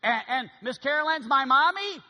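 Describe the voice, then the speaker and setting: A man voicing a strange, excitable boy with a very high-pitched voice. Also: moderate pace, in a large hall, heavily acted. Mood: eager.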